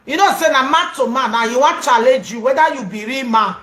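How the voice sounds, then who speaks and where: A woman's voice: high voice, a little fast, a bit bright. A woman with a Nigerian accent hosting a phone-in, soothing and reassuring her caller, often with a laugh. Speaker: host. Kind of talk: phone-in counselling talk. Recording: echoey room.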